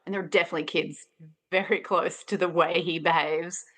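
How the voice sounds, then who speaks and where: A woman's voice: lowish voice, steady tone, fairly quick, a bit bright. A woman co-hosting a film podcast, gushing casually and giggling. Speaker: podcast co-host, school teacher.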